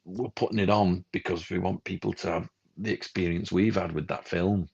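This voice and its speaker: Deep gravelly man. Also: moderate pace. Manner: animated, ranting, acts out quoted people. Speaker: film club co-host. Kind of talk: casual podcast chat. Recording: dull lo-fi livestream audio.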